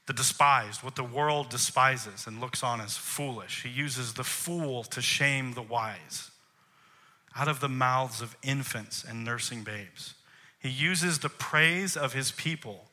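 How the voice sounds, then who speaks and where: A man's voice: mid-range voice, sharp tone. A man, a worship leader, preaching a sermon in an emphatic way, posing rhetorical questions to the congregation.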